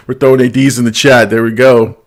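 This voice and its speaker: Brief: male host, casual and giggly, reading chat on a live stream. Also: mid-range voice. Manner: laughs often while reading chat comments aloud. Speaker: show host.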